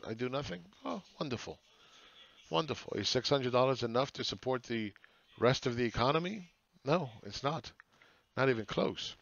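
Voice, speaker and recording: A man's voice: mid-range voice, dry recording, highs cut off. A man hosting a casual monologue on the economy, talking bluntly with profanity and rhetorical questions. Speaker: market analyst host.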